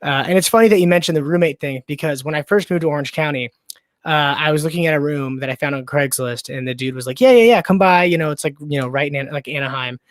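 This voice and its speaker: A man's voice: fairly high pitch, fairly even intonation, fast talker, dry recording. A young man hosting a podcast, chatting casually and rambling with lots of "like" and "you know". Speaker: podcast host. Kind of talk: casual interview chat.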